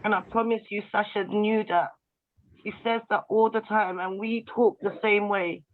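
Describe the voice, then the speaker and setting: A woman's voice: mid-range voice, steady tone, normal speed. A woman giving an emotional, heartfelt tribute speech, addressing her listeners directly. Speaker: guest speaker at a tribute event. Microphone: video call. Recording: tinny video-call audio.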